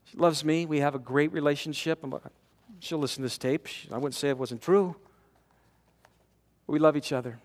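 High-voiced man preaching in a reverberant hall. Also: moderate pace, long pauses. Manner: animated, acts out quotes, repeats words when pressing a point. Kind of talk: conversational sermon. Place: large conference hall. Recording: long hall reverb from a conference.

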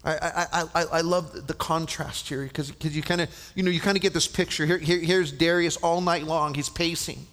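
A man preaching a sermon at a men's conference, impassioned, often stammering and restarting, and dropping to a hushed whisper for effect. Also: a little high, fairly even intonation, moderate pace, few pauses. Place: large conference hall. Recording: long reverb of a large hall.

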